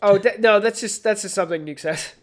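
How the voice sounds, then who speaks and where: A man's voice: sits high, fairly quick. A man co-hosting a casual live gaming chat, rambling with many fillers and restarts. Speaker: co-host.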